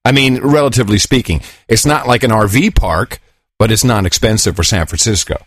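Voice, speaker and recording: A man's voice: fairly low pitch, fairly quick, no room sound, studio quality. A man co-hosting a podcast in casual, playful banter, cueing soundboard clips. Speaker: podcast co-host. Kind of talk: casual chat.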